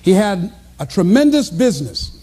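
A man with a strikingly high voice delivers a motivational speech to a live audience. His pitch swings widely as he tells stories, and he breaks into shouts and laughter. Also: moderate pace, slightly rough. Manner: animated storytelling, bursts into shouts and laughter. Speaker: motivational speaker.

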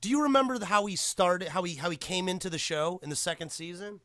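Excitable high-voiced man, swearing freely. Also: quick pace, no echo, clean studio sound. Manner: excitable, profane, laughs often. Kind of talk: casual chat.

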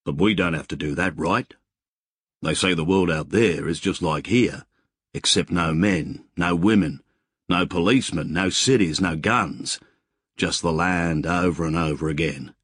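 A man voicing rough bushmen with a blunt, slangy drawl. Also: deep voice, a bit bright, no echo, studio quality, exaggerated voice. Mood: earnest. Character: laconic rough Australian bushman mates, adult men.

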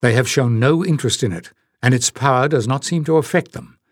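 A tired young man adventurer in a storybook, read by a man, weighing things up in measured speech. His voice sits in the middle of the range. It is a dry, close recording. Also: mid-range voice, dry recording, natural voice. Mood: thoughtful.

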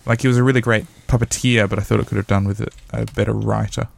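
A man chatting casually about a festival show, halting with fillers and restarts. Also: fairly low pitch, fairly even intonation, creaky. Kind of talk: casual chat.

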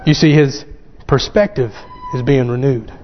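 A man preaching a sermon, fervent and growing excited as he quotes scripture. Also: medium pitch, a little slow. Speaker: pastor. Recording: dull lo-fi sound with long hall reverb.

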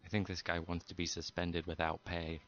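Low bright-toned guy doing prank calls, deadpan fake hotel clerk, dull lo-fi sound. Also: fairly quick, no room sound. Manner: mock-official, deadpan. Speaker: prank caller. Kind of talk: prank phone call banter. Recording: dull lo-fi tape.

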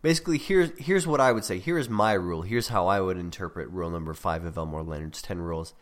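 A man's voice: low voice, fast talker. A man hosting a podcast, talking casually about writing craft with fillers and restarts. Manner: conversational, self-correcting with frequent fillers. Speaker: podcast host.

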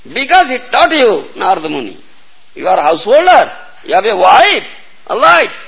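A man's voice: high voice, huge pitch swings, moderate pace, vocal fry, a bit bright, slightly rough, rough recording. A man giving a storytelling sermon, often checking whether listeners understand. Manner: storytelling lecture, repeatedly asking "You understand?". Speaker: spiritual teacher.

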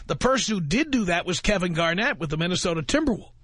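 A man hosting a radio call-in show, brash and mocking with quick comebacks. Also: high-pitched, expressive, a bit bright, breathy edge, no echo. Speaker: radio talk show host. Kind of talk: talk radio call-in banter.

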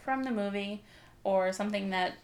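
A woman co-hosting a podcast in casual chat, chatty and quick with asides. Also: medium pitch, slight background noise. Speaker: podcast co-host.

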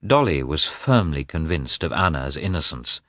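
A man narrating a classic novel as an audiobook in an expressive, measured way. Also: a bass voice, no echo, clean studio sound.

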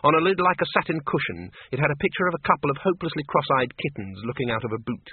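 Man narrating a storybook, wry and expressive, lively pitch, tinny phone-like sound. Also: fast talker, hardly any pauses, breathy edge, no echo. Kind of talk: audiobook narration. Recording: dry, tinny phone-like audiobook.

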